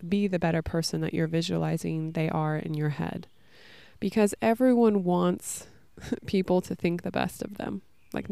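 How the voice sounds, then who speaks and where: A woman's voice: lowish voice, creaky, dark tone, smooth, dry recording. A young woman hosting a solo podcast, talking in a casual, reflective way with many fillers. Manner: casual, frequent "like" and "you know". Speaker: podcast host.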